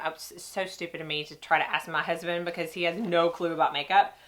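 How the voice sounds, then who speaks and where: A woman's voice: lowish voice, steady tone, brisk, a bit bright. Chatty nasal woman with a twang. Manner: chatty, talks straight to viewers. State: stuffy nose from sinus cold. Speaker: makeup artist vlogger. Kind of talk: casual beauty review and demo.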